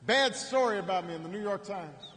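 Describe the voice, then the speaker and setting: Man, political rally speech, storytelling, repeats words, high voice, long arena echo. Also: animated, a bit bright, a little hiss or hum. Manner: repeats words and restarts, builds stories with dramatic pauses. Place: large indoor arena. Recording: echoing arena with faint ambience.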